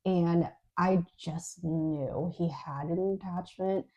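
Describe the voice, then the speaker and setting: A woman's voice: lowish voice, fairly even intonation, takes it slowly, darkish tone, highs cut off. A woman co-hosting a podcast, recounting a dream in a chatty, casual way with lots of fillers. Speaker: podcast co-host. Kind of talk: casual storytelling.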